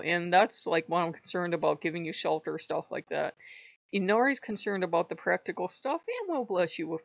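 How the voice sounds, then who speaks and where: A woman's voice: sits low, creaky, dry recording. A woman hosting her own channel, talking casually and rambling with many fillers. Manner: rambling, conversational, frequent fillers. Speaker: channel host. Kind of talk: casual spiritual vlog chat. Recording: dull lo-fi dry audio.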